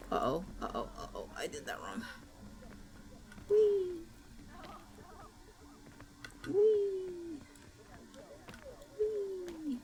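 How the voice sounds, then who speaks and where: A woman streaming gameplay with friends, talking in a dramatic, playful way and breaking into mock-panicked shrieks and wails. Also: sits high.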